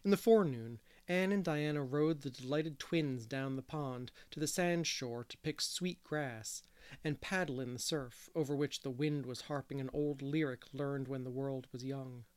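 Brief: male audiobook reader, mid-pitched, plain and candid, chatty between passages. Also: normal speed, a little mellow, smooth. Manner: candid, self-deprecating asides. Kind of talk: storybook narration with asides.

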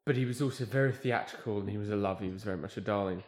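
A man's voice: lowish voice, racing. Guy telling a long rambly story, keeps restarting, bit of room echo. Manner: rambling, self-correcting, animated storyteller. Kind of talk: casual chat, storytelling. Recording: echoey room.

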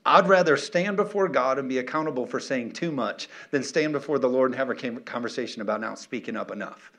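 A man's voice: medium pitch, brisk, fairly bright tone. A middle-aged male pastor preaching emphatically, firing off rhetorical questions and calling for amens. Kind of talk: sermon.

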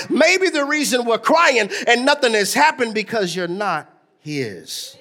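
A man in his thirties, a pastor delivering a sermon and talking straight to the congregation, his preaching swelling into shouts with a sing-song cadence. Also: extremely high pitch, expressive, a little slow, faint music behind.

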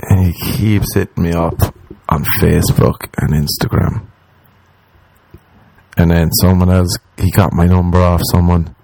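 Male comic, low-set voice, exasperated profane rant with mocking impressions. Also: flat delivery, unhurried, vocal fry, warm tone. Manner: profane, exasperated, mimics people in quoted voices. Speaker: comedian.

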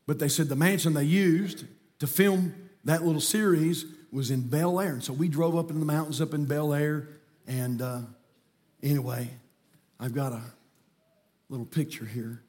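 A middle-aged man, preaching a sermon in a church sanctuary with folksy storytelling that builds to shouting. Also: a little high, moderate pace. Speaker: pastor.

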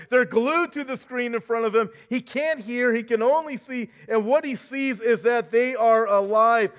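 A man preaching a sermon, talking conversationally and telling a dramatic story with rhetorical questions. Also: extremely high pitch. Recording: dull lo-fi recording.

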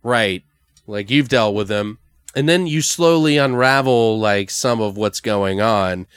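On a podcast, a male co-host casually brainstorms a story, rambling with plenty of fillers and swearing. His lowish voice is unhurried, a bit bright and clean in tone. The dry recording is studio quality.

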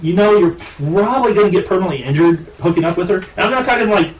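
A man's voice: high-pitched, animated, quick pace, far from the mic, dull audio. A man co-hosting a casual podcast, making blunt, crude jokes. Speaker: podcast co-host.

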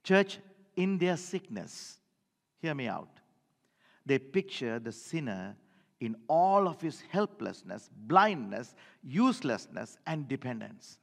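A man's voice: mid-range voice, big pitch swings, takes it slowly, gravelly, long reverb tail. A male preacher delivering an emphatic sermon, repeating key phrases and calling on the congregation to respond.

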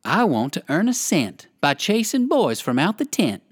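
A polite old gentleman rabbit from a storybook, played by a reader, earnest and courteous. His voice sits a little higher than the narration and swoops up and down. The sound is close and dry. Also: very animated, normal speed, breathy edge, no room sound. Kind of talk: storybook character voice.

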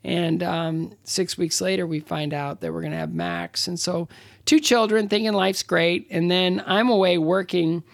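A man in his sixties, an interview guest telling stories casually, halting with many fillers and restarts. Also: sits high, lively intonation, vocal fry, no room sound. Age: 60s. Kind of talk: casual conversational storytelling.

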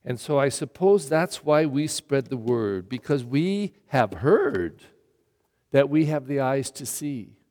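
A man's voice: mid-range voice, animated, slow, darkish tone. Blunt preaching man in a reverberant church. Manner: blunt, emphatic preaching with rhetorical questions. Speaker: pastor. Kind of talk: sermon. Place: church during Mass.

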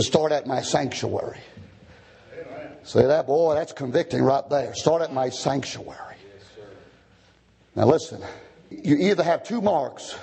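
A man preaching a fiery sermon in a church, swinging from quiet, folksy talk to shouted, pleading cries. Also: on the high side, creaky, husky.

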